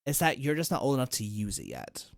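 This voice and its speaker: A man's voice: mid-range voice, fast talker, gravelly, no echo. A man in his thirties chatting on a podcast, telling stories with big swings in his voice. He swears freely and sounds close and dry. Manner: animated storytelling, swears freely. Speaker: podcast guest. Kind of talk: casual podcast chat.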